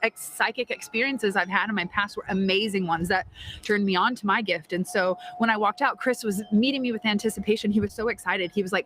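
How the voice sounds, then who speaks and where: A woman's voice: mid-range voice, fast talker, a bit bright. A woman hosting a tarot show, telling a personal story in a chatty, casual way, with frequent laughs and casual swearing. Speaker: tarot reader and host.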